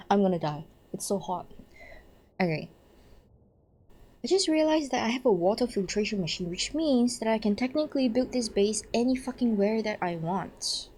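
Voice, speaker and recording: Excitable young woman streaming a game. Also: medium pitch, moderate pace. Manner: excitable, swears, laughs at herself. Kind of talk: casual game streaming commentary.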